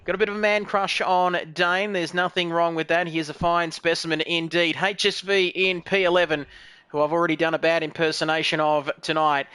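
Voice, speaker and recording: A high, bright-toned man calls an online sim race in a joking, rambling manner. He pokes fun at himself and the drivers between position updates. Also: steady tone, brisk, clean tone, dry recording. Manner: jokey, rambling, self-mocking. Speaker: lead commentator. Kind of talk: sim racing commentary.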